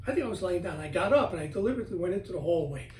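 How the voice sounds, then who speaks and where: A man's voice: sits high, racing, a little hiss or hum. A middle-aged man, a guest author talking at home in a casual interview, animatedly telling stories and acting out what he said. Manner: animated storyteller, acts out his own words. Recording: roomy, from a distance, faint ambience.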